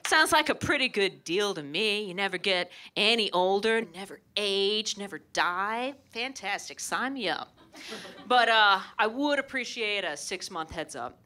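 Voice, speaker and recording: A woman's voice: mid-range voice, lively intonation, unhurried, pushed and bright. A pregnant woman comedian doing a sarcastic, playfully petty stand-up set on stage before a live audience. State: heavily pregnant. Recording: live crowd laughter and room noise.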